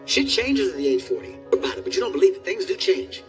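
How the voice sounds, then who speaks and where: A man in his forties performing a stand-up comedy routine, telling loud, animated stories with sudden shouted outbursts. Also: sits high, fast talker, recorded from a distance, faint music behind. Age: 40s. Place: live comedy stage.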